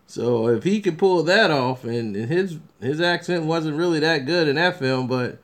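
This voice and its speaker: A review vlogger with a fairly high voice discusses upcoming films at a normal speed. It's casual movie talk that drifts, punctuated by frequent restarts and fillers.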